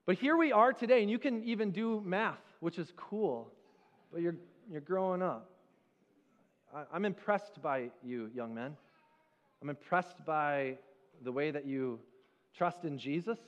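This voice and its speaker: A high-voiced male pastor preaching a sermon in a church sanctuary. He tells the story in a conversational, animated way, and his voice trails off into a long reverb. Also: a little slow, long pauses, highs cut off.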